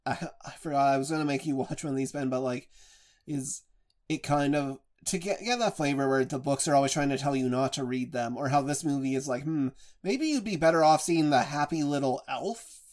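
A man's voice: medium pitch, steady tone, a little fast, a little mellow. A man hosting a podcast, talking casually and reflectively about movie performances. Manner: chatty, reflective film reviewer. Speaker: podcast host.

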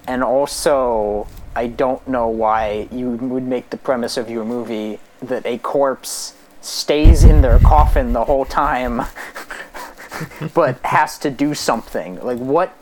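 A man's voice: medium pitch, darkish tone, slight background noise, poor audio. Dry, sarcastic male podcast guest. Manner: dry, sarcastic and quick to poke holes. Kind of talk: casual podcast chat.

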